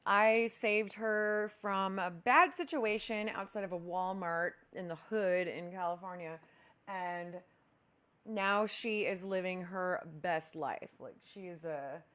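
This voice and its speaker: A young woman from Kansas City hosting a casual livestream, chatting with her viewers. Her voice is bright and a little sharp. She laughs easily and greets people with affectionate nicknames. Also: on the low side, slow pace, smooth. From Kansas City, USA. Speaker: livestream host.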